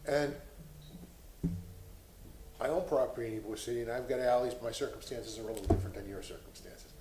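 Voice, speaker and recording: A man's voice: medium pitch, a little fast, reverberant, noisy background. A man on a city board speaking with passion and a preachy tone at a public meeting. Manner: impassioned, preachy. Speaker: board member.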